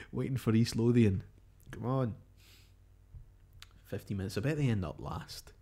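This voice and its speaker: A Scottish man with a lowish, mellow, slightly rough voice hosts live overnight results in a radio-style broadcast. At a moderate pace, he chats casually, muses, and reads out tweets, updates and messages.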